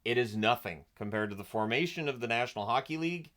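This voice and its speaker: A man talks through old sports-league history for his own channel, casual and chatty. His tone is sarcastic and amused, full of "uh" and "um" as he goes. His voice sits in an ordinary middle pitch. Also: animated, fast, fairly bright tone. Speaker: hockey history channel host. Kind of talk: casual history storytelling vlog.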